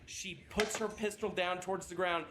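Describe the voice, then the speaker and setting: A man's voice: high voice, moderate pace, noisy background. Man running a tabletop game. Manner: relaxed, matter-of-fact narration with casual swearing. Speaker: game master.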